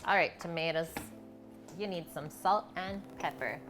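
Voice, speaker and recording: A woman with a low voice hosts a relaxed live cooking stream from her home kitchen, talking through each step as she works. Faint music and the clink of dishes sit behind her. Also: unhurried. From Canada. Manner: chatty, explains cooking steps as she goes. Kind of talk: casual live cooking chat.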